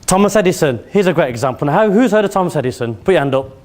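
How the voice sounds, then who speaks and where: A man's voice: a little high, lively intonation, quick pace, darkish tone. A man in his forties from Birmingham, with a Birmingham accent, giving a motivational speech to an audience and drawing them in with questions and anecdotes. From Birmingham, England. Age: 40s. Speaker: competition speaker. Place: event hall before an audience.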